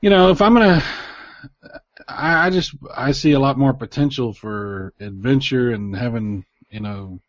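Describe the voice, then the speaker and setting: A man chatting casually on a group podcast, rambling and animated, cursing freely and jumping up in pitch when he gets worked up. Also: no room sound. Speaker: podcast panelist. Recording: dull lo-fi sound, dry.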